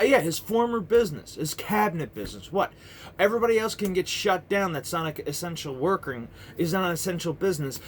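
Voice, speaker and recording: There's slight background noise behind this vlogger's fairly high-pitched voice. In his thirties, he rants into a camera mic, heated and profane, rambling and restarting again and again.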